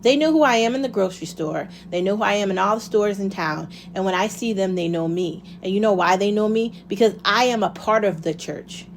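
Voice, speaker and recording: A woman's voice: medium pitch, fairly quick, creaky, hardly any pauses, a little hiss or hum. A woman talking straight to camera in a casual monologue, impassioned and blunt, swearing freely and asking herself rhetorical questions. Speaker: vlogger.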